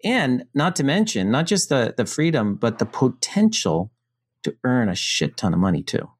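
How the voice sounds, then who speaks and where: Speaking at normal speed with a medium-pitched voice, a middle-aged man from the United States shares his story as a podcast guest. He's casual, frank and animated, with the occasional swear word.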